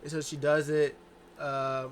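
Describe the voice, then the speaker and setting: A man's voice: on the high side, monotone, unhurried, a little hiss or hum. Man rambling through a casual recap. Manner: rambling, loose, heavy on filler words. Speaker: wrestling show reviewer.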